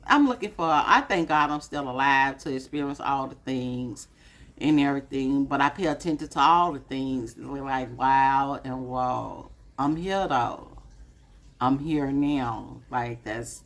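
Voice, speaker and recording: A woman's voice: low-pitched, fairly bright tone. A woman in her late fifties talking casually to camera as a vlogger, musing and chatty, calling her viewers y'all. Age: 50s.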